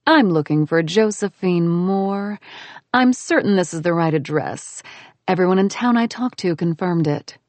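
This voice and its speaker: A woman's voice: fairly low pitch, lively intonation, darkish tone, dry recording. Narrator doing a composed, no-nonsense woman at the door, dry close sound, audiobook. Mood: firm. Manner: firm, measured. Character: poised, self-assured woman stranger.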